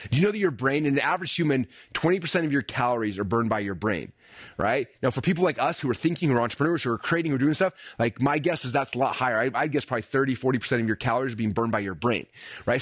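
A man giving an energetic motivational teaching talk to a room of paid guests, acting out inner voices with sudden leaps in pitch. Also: no room sound, studio quality. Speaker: speaker teaching a paid VIP group. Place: room with a live audience.

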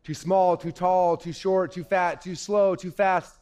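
A man giving an energetic, conversational motivational talk to young people from a stage. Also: high voice, measured pace. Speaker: motivational speaker. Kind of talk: live motivational talk to youth. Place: stage at a live event. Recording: echoey hall.

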